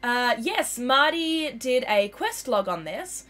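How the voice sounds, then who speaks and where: A woman's voice: high voice, very animated, takes it slowly, a bit bright. Bubbly Australian woman streamer. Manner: bubbly, chatty, laughs easily. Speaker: livestream host. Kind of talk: casual game stream chat.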